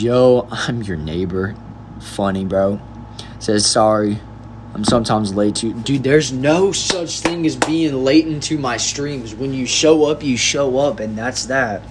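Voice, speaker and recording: A young man talks casually on his livestream. He reads viewers' messages aloud and answers each one in a relaxed, friendly way. A faint hum sits under his voice. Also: mid-range voice, a little slow. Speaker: livestream host reading chat.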